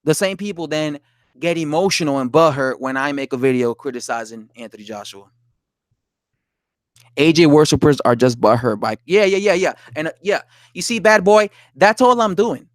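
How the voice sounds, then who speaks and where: In clean studio sound with no room sound, a man with a slightly high voice and lively intonation talks briskly on a casual boxing stream. He reads out what chat says and answers it, cursing, laughing and indignant.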